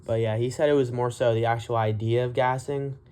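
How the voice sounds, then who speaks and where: A man's voice: medium pitch, steady tone, a little fast, a little mellow, clean tone. Blunt, profane man ranting about fights. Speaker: MMA commentary vlogger. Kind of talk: casual ranting commentary.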